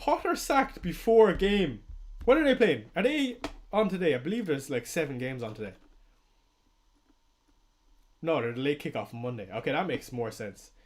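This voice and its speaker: A young Irish man hosting a fantasy football livestream, talking casually and excitably, swearing and laughing often. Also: fairly high pitch, moderate pace, pauses often.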